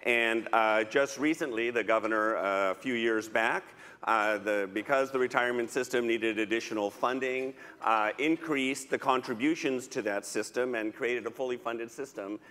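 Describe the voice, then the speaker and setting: A man's voice: mid-range voice, moderate pace, sharp tone. A man on a conference panel answering a question, explaining steadily with frequent uhs. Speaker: panelist, teachers' union leader. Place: conference hall. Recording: reverberant hall.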